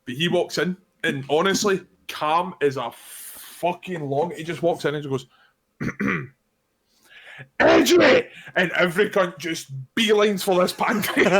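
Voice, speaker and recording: Scottish lad spinning a party story on a podcast, a touch higher-pitched than most guys, swearing a lot and cracking himself up. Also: male voice, takes it slowly. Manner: sweary, animated anecdote telling with laughs. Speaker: podcast co-host. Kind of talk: casual storytelling chat.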